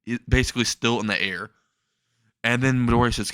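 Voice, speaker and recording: A man's voice: mid-range voice, fairly even intonation, fairly quick, fairly bright tone, smooth, no echo. Guy rambling thru a goofy fan story, mid voice, dead dry mic. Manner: rambling, restarts, chuckles. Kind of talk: casual fan story narration.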